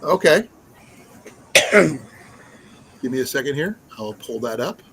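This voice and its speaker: A man's voice: mid-range voice, lively intonation, slow pace, a bit bright, a little hiss or hum, low-quality recording. A man hosting a casual live stream, chatting in a rambling way with many fillers and restarts. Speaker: livestream host.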